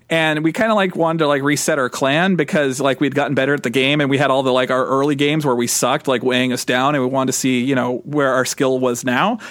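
A man's voice: medium pitch, a bit bright, no room sound. A man co-hosting a podcast, telling a story in casual chat, rambling and correcting himself as he goes, often laughing. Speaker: podcast co-host.

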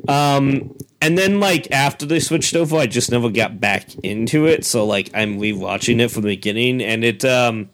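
A man's voice: mid-range voice, normal speed, fairly bright tone. A middle-aged man co-hosting a casual chat, rambling with lots of asides. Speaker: co-host.

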